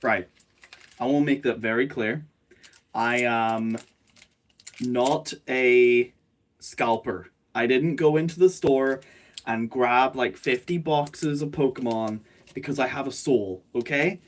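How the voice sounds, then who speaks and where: Male streamer, unhurried, rambling self-deprecating banter into a phone mic. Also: medium pitch. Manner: self-mocking, jokey, rambling. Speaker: streamer and animator. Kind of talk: casual live stream chat. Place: his bedroom. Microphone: phone, not a proper microphone.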